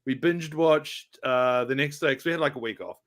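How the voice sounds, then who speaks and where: A man's voice: medium pitch, moderate pace, a bit bright. A man from New Zealand with a New Zealand accent, rambling jokily and laughing often as a guest in a casual chat.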